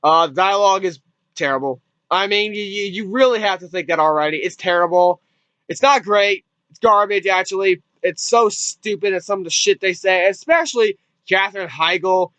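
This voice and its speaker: A man's voice: high-pitched, normal speed, bright, forceful tone, smooth, dry recording, rough recording. A man giving a casual spoken movie review, rambling and repeating himself, with casual swearing.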